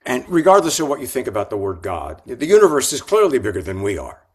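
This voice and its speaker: Reflective older rabbi telling stories. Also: male voice, mid-range voice, sing-song, fast talker, husky. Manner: reflective, warm anecdotes with gentle humor and restarts. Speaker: rabbi and author. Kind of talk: storytelling in an interview.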